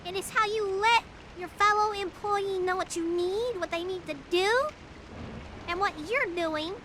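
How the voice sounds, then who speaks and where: A young woman streamer telling stories to her chat in a casual, animated, blunt and profane way that climbs toward yelling. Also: extremely high pitch, a little slow. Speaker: live streamer. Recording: clear background noise.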